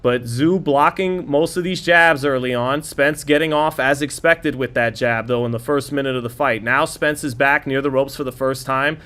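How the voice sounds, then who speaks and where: A man's voice: mid-range voice, a bit bright. A man hosting a live boxing watch-party stream, chatting casually, reading viewer comments aloud and calling the fight punch by punch. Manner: quick play-by-play calling of punches.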